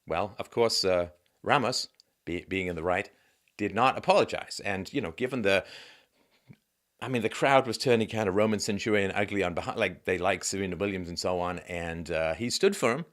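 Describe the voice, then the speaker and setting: A man's voice: low-pitched, normal speed, fairly bright tone. A man hosting a monologue commentary show, talking in a sardonic, musing way with asides.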